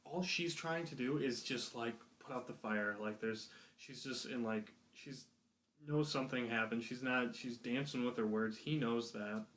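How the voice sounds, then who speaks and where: A man co-hosting a podcast, analysing people's motives in casual chat with many halting restarts. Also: mid-range voice, a bit bright, a little hiss or hum. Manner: analytical, hesitant restarts, picks apart motives. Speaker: podcast co-host.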